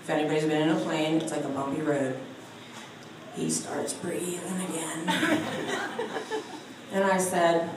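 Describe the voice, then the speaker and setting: A woman's voice: low-pitched, a little slow, pauses often, a little hiss or hum. A woman telling a funny spiritual story, laughing often as she speaks. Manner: animated storytelling with frequent laughter. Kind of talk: humorous spiritual talk. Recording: echoey room heard from a distance.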